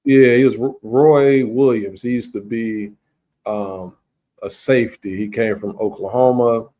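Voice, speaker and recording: A man's voice: medium pitch, fairly even intonation, a little slow, mellow. A man hosting a podcast, telling rambling, laid-back stories in casual chat. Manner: rambling, laid-back storytelling with frequent "you understand". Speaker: podcast host.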